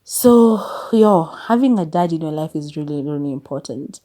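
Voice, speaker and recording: Low-pitched, mellow and expressive at a normal speed, this Kenyan woman in her thirties hosts a podcast where she reflects openly on her life. She mixes Swahili phrases into her English and occasionally stresses things in exasperation.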